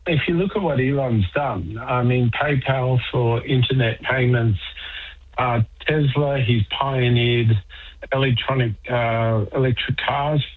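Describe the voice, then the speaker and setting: A man's voice: mid-range voice, measured pace. A man calling in to a talk radio show, sharing opinions with a wry, dry sense of humour. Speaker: caller. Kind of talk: phone-in talk. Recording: tinny phone line.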